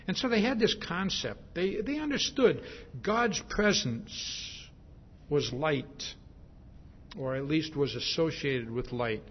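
A man's voice: a little high, animated, takes it slowly, husky. A male preacher giving a sermon, emphatic and repetitive, stressing his points with a repeated "see?". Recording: dull lo-fi sermon recording.

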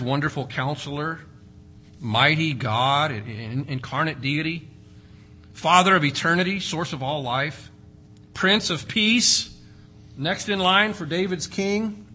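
Male preacher, fairly high and bright, dynamic emphatic sermon. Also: slight background noise. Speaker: pastor.

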